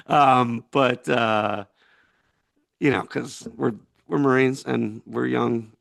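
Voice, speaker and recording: A man's voice: mid-range voice, slow pace, gravelly, a bit bright, dry recording, studio quality. A man in his forties, a veteran being interviewed, telling a story in a rambling, laughing way with many fillers. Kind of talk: casual storytelling.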